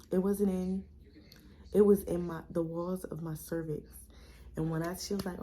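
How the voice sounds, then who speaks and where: A young adult woman vlogger casually tells a personal story, acting out the people she quotes and calling her viewers "y'all." Her retelling is chatty and animated, in a fairly low voice at a moderate pace.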